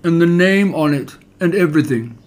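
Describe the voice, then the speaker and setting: A man voicing a gloomy, solemn old male donkey in a storybook reading, speaking slowly in a husky voice. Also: a little high, animated, pitched above the performer's own voice, lightly acted. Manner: slow, drawn-out, self-important speech. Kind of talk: storybook character voice.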